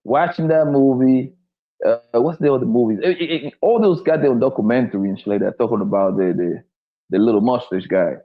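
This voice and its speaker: A man rambles through a casual chat, swearing freely and getting animated. His voice comes through a dull, muffled mic. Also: medium pitch, brisk. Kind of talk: casual banter.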